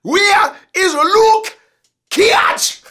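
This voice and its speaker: A man voicing a loud Jamaican-accented male villain who keeps shouting for his enemy. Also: extremely slow, full character voice. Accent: put-on Jamaican. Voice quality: shouting, high, drawn out.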